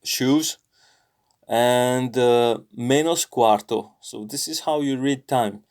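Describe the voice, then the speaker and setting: A man with a British accent walks through a language lesson out loud, thinking as he goes, pausing often and correcting himself. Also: medium pitch. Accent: British English. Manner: thinking aloud, explains patiently with many pauses and self-corrections. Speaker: language learner sharing lessons. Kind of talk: screen-recorded lesson walkthrough.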